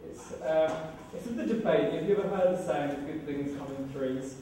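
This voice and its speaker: A British man in his thirties performs a live storytelling set, wry and self-deprecating, in a fairly high, mellow voice. He sounds far from the mic, and the event room rings with a heavy echo. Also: brisk, slight background noise. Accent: British English.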